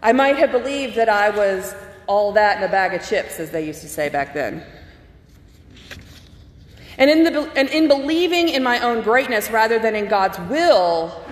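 A woman pastor giving a sermon, telling personal stories in an earnest way and slowing down to stress key phrases. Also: a little high, animated. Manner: earnest, personal storytelling with emphatic slowed phrases. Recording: echoey hall with long reverb.

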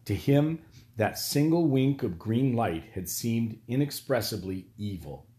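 A man narrating an audiobook in a steady, even storytelling manner. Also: mid-range voice, unhurried.

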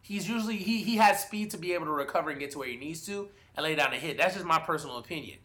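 A man talking casually in a sports debate podcast, animated and profane, hedging with fillers as he argues his picks. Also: on the high side, racing. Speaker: podcast co-host.

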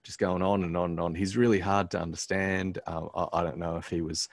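A man, a pastor telling a story as a guest in a casual conversation, halting often with "um" and restarting his sentences. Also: low voice, flat delivery, no echo.

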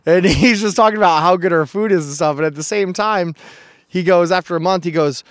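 A man with a smooth, clear, slightly higher voice, chatting casually as a gym coach on a podcast. He tells stories in a lively, chatty way and laughs often. The sound is dry and close. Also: fairly quick, dry recording. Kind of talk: casual chat, anecdotal storytelling.

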